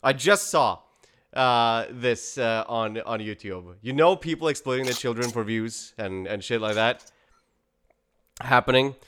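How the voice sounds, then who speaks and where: A young man in casual podcast chat, swearing freely and ranting with plenty of laughter. His pitch sits mid-range for a man. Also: unhurried, a bit bright. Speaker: podcast co-host.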